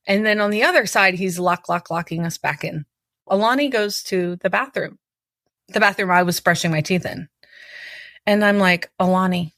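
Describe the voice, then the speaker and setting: A woman's voice: mid-range voice, moderate pace, fairly bright tone, no echo. Woman recounting her story, close and dry. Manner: vivid, urgent retelling with acted-out quotes. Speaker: podcast host telling her own story. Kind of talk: personal storytelling.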